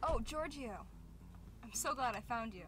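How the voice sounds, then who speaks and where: A young woman on the run, high and theatrical in the style of a cheesy sitcom. Her lines come from a game cutscene. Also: expressive, measured pace, a bit bright. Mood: dramatic.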